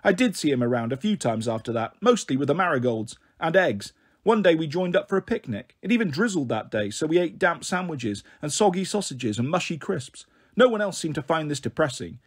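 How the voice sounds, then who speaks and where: A man reading a novel aloud in an expressive storybook style, giving voice to the characters' dialogue. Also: fairly high pitch, a little fast, husky. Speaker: audiobook reader.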